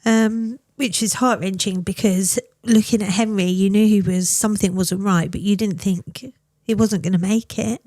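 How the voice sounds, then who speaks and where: A woman tells her story as a mother in a podcast interview, her voice heartfelt and emotional, with pauses as she searches for words. She sits at a middle pitch, and the recording is dry and close with no room sound. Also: fairly even intonation, mellow, no room sound.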